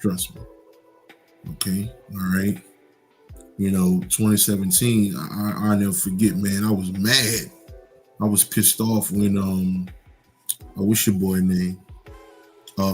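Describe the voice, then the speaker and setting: A man's voice: low voice, darkish tone. A man giving a casual, rambling spiritual monologue, profane and full of restarts. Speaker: host.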